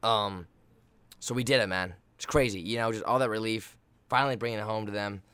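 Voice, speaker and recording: A man's voice: fairly low pitch, fairly even intonation, brisk, fairly bright tone, smooth. A young man hosts a laid-back podcast and tells long, wandering stories. He swears often and teases the people around him. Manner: rambling, swears freely, teasing. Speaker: podcast host. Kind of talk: casual podcast storytelling.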